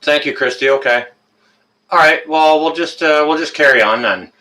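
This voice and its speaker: A man's voice: a little high, moderate pace, sharp tone. A man with a Canadian accent hosting a casual live-stream chat on a webcam and greeting viewers one by one by name. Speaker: livestream host.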